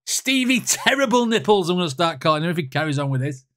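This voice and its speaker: A man's voice: a little high, big pitch swings, fast, fairly bright tone. A British man hosting a reaction video, chatting casually, giggly and teasing.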